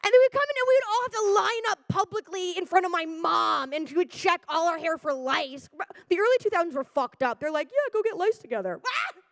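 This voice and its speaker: High-voiced animated woman comic. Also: fairly quick, gravelly, hardly any pauses, dry recording. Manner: animated, swearing, acts out loud voices. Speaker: stand-up comic. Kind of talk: stand-up comedy set. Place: stage before a live audience.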